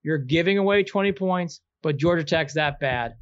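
A man runs through his weekly betting picks with a playful, teasing swagger, openly cheering for his favorite teams. His voice sits a little high, and the audio comes through muffled and lo-fi. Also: normal speed. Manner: playful, teasing, fan-boyish. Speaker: betting picks segment host. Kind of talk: casual sports betting banter.

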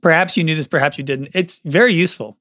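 Playful, high-voiced man on a podcast. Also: fast, fairly bright tone, no echo, studio quality. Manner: playful, teasing, explains quips. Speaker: podcast co-host. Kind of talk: casual chat.

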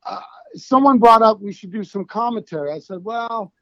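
High-voiced man, rambling and emphatic. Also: expressive, fairly quick, fairly bright tone, no room sound, highs cut off. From United States. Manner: rambling, emphatic and profane, with restarts. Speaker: band founder, guest. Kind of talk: casual podcast interview.

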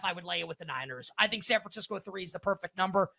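Bright-voiced, energetic male podcast host. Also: sits high, very fast, vocal fry, no room sound. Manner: energetic, emphatic, rhetorical. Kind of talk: casual sports betting chat.

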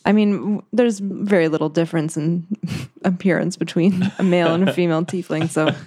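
A woman's voice: on the low side, fairly even intonation, brisk, dark tone. A woman playing a tabletop game who speaks as her captain in a dry, matter-of-fact way. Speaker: player.

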